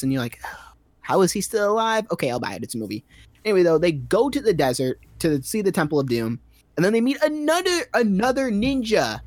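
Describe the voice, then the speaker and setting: A man's voice: sits high, dry recording. A man giving a rambling, sarcastic recap of a movie's plot in a casual comedic style, full of fillers.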